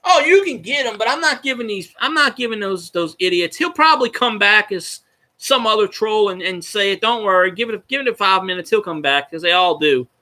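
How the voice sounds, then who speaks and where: A man vlogs as a fan on a relaxed livestream, swearing and rambling while he responds to his chat. His high-pitched voice is animated, fairly quick, and sharp.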